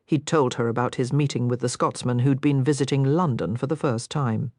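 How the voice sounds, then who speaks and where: A woman narrating a historical romance audiobook in an expressive storytelling manner. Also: extremely low pitch, brisk, no room sound, clean studio sound.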